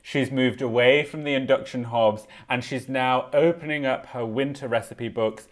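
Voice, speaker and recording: A man's voice: mid-range voice, steady tone, normal speed. A man co-hosting a casual chat, telling a funny anecdote and laughing often. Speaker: podcast co-host.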